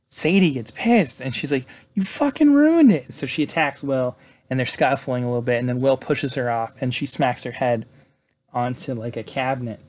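A man giving a casual, excited movie recap, peppering his talk with "like" and "right?". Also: medium pitch. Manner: chatty, excited, fills with "like" and "right?". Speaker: movie reviewer.

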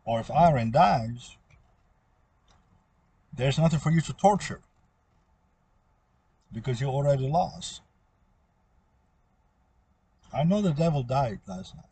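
Man with a husky mellow voice, rambling. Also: medium pitch, animated, a little slow, long pauses. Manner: meandering, repetitive, trails off. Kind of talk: rambling spoken monologue.

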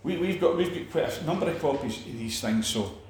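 A man's voice: fairly high pitch, animated, fairly quick, a little mellow, echoey room, slight background noise. A man preaching a sermon, emphatic, with repeated phrases and restarts.

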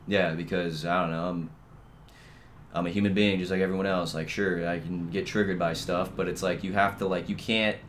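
Alone on his podcast, a young man launches into a loose, rambling, profane rant packed with "dude" and "bro." This casual monologue swings from low, quiet grumbling to sudden loud outbursts.

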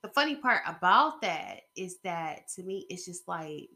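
A woman's voice: on the low side, big pitch swings, measured pace, sharp tone. A woman talking in a casual opinion vlog, rambling and emphatic as she speaks straight to her viewers. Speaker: vlogger.

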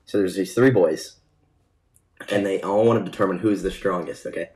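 Low-voiced young man telling a rambling joke. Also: moderate pace, a little mellow, rough recording. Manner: rambling, laughs at his own joke. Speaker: podcast co-host. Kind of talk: casual chat, joke telling.

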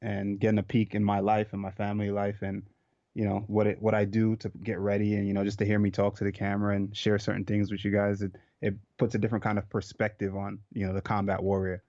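This is a man from Jamaica, a professional fighter, speaking in a low, relaxed voice. He swears casually and keeps things loose. The recording is dry with a dull, lo-fi sound. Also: fast, no room sound. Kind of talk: casual interview chat.

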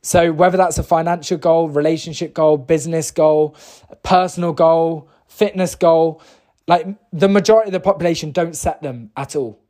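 A man's voice: fairly high pitch, fairly even intonation, moderate pace, warm tone. A man from the UK, talking casually and enthusiastically as he tells a personal story and turns it into a motivational message, with lots of fillers and restarts. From United Kingdom. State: briefly emotional. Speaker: motivational speaker.

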